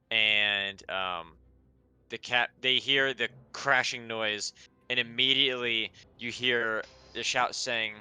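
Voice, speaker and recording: A man narrating and running a tabletop game as game master, unhurried and hesitant with fillers. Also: on the low side, bright, forceful tone, smooth, dry recording.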